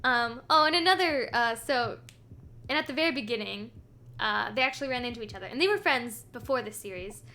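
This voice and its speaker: A woman's voice: fairly high pitch, expressive, fairly quick, pushed and bright. A woman streamer chatting casually as she recaps a game series, rambling with lots of ums and small laughs. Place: home streaming setup.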